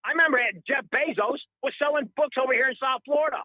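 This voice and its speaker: A man's voice: very high-pitched, fast, dry recording, narrow, tinny audio. A middle-aged man calling in to a radio show, ranting in a heated, rambling, indignant way and repeating himself. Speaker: caller. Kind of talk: heated call-in rant.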